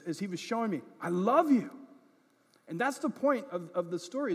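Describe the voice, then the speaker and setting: In a reverberant hall in a church sanctuary, a male pastor with a high, husky voice, who is an adult parent, delivers a sermon with personal stories. He speaks conversationally, regularly checks in with "right?" and "okay?", pokes fun at himself, and grows animated during the funny bits.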